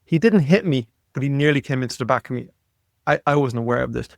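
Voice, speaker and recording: A man in his fifties, a podcast guest, telling a story in an animated way and often repeating words as he goes. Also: medium pitch, fast talker, gravelly, dry recording, clean studio sound. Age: 50s. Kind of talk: storytelling in conversation.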